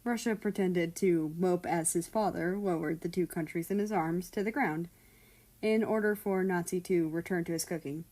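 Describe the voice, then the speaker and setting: A woman reading a fan fiction story aloud in a steady, storytelling way. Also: on the low side, moderate pace. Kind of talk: scripted narration of a fan story.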